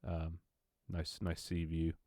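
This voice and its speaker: A young London man with a very low, mellow voice talks slowly and completely flatly to his stream viewers, rambling along. He swears in passing and trips over his words, with many restarts and laughs. The recording is dry and close.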